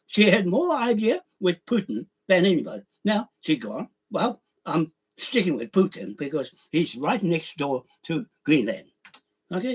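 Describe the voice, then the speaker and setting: A man's voice: sits high, husky. A man in a rambling, angry monologue, swearing and calling out listeners directly. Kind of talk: ranting monologue.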